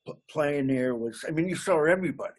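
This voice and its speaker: A man's voice: on the high side, fast. A man from Massachusetts, a comedian guest chatting loosely in an interview and laughing at his own gags. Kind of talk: casual interview chat.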